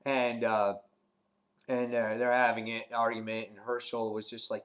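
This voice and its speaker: Man, middle pitch, casual TV review, rambling, lots of ums and self-corrections, animated when retelling scenes. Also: normal speed. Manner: rambling, many ums and restarts. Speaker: TV show reviewer. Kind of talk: casual spoken episode review.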